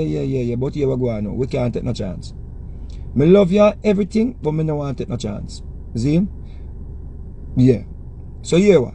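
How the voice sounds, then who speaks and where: A man's voice: on the high side, gravelly, warm tone, slight background noise. A Jamaican man giving casual spoken commentary, emphatic and preachy, repeating his warnings to the listener.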